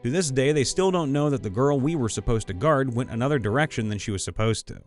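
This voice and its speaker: A man narrating listener stories about tabletop games in a playful, expressive way. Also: mid-range voice, fast talker, soft background music. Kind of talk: reading tabletop game anecdotes aloud.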